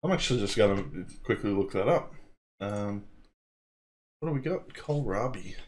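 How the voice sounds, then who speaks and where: A man's voice: lowish voice, animated, normal speed. A man doing casual let's play commentary, sarcastic and crude, swearing freely and a bit tipsy.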